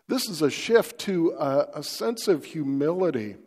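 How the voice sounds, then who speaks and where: Male pastor, homespun devotional talk, unhurried, rather high voice, reverberant room. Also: animated, darkish tone. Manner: folksy, conversational, asks the listener questions. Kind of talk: devotional sermon to camera.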